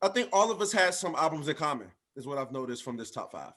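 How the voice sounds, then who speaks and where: Young man talking haltingly, slightly high voice. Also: very animated, fairly bright tone. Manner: halting, stammers on restarts. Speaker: podcast co-host. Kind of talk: casual chat.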